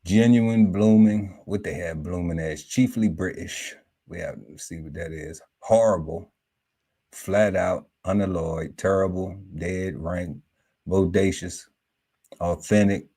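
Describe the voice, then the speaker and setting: Slow, deep-voiced man reading word lists. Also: steady tone, warm tone. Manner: slow, musing list-reading broken by laughter and asides. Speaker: podcast panel host. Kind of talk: casual podcast chat, reading word lists aloud.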